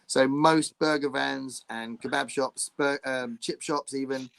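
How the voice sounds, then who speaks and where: Unhurried and a little creaky, the mid-range voice belongs to an English man hosting a relaxed podcast conversation by video call. He's animated and talkative, breaking into laughter often and restarting sentences as he goes.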